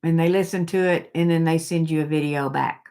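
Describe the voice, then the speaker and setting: A woman's voice: deep voice, steady tone, brisk, warm tone, smooth. A middle-aged woman hosting a casual live chat, rambling and reading viewer comments aloud.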